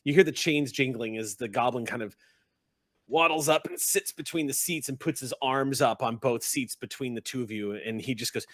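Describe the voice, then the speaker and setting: A man narrating a tabletop game as game master, in a relaxed, loose way. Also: medium pitch, normal speed, dry recording, studio quality.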